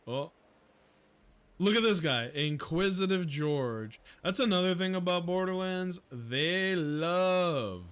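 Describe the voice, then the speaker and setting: A young man from the United States giving casual, profane, jokey commentary while streaming a game, breaking into loud excited outbursts. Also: medium pitch. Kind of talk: casual gameplay livestream commentary.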